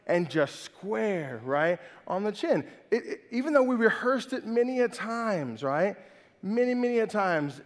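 A man preaching a sermon in a casual, chatty way, tacking "right?" onto his points. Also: high-pitched. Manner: chatty, keeps adding "right?". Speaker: pastor. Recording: long hall reverb.

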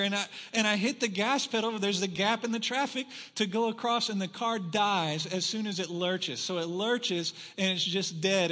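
A man's voice: high-pitched, a bit bright. A middle-aged male pastor telling a story in his sermon and closing in earnest prayer, speaking in a church sanctuary. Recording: long reverb of a church hall.

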